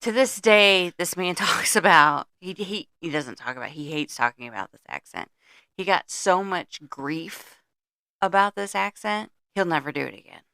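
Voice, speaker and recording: A woman's voice: fairly low pitch, animated, normal speed, sharp tone, clean tone, dry recording, studio quality. A middle-aged woman co-hosting a podcast, recapping a movie's plot in blunt casual chat and swearing freely. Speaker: podcast co-host.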